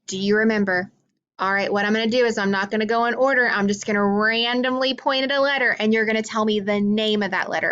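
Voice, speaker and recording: A woman teaching a phonics lesson to young children, patient and encouraging, slowly drawing out letter sounds. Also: mid-range voice, a bit bright, clear, resonant tone, lo-fi sound.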